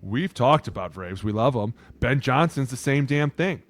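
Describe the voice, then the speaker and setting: A man co-hosting a sports podcast in casual talk. He is loud and profane and often acts out what other people say. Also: mid-range voice, expressive, normal speed. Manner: loud, profane, acts out quotes in put-on voices. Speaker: podcast co-host.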